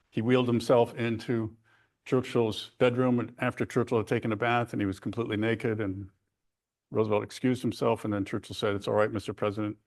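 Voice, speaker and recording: Lecturer, mid-pitched man, lively storytelling, conversational asides, academic talk. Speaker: history lecturer.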